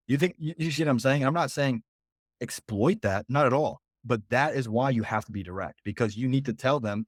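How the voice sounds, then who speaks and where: A male business coach on a video call, talking in a casual, direct way. He slips into short back-and-forth client dialogues to make his points. His voice sits in a middle range, and the sound is dry and close with no room echo. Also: mid-range voice. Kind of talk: coaching talk on a group call.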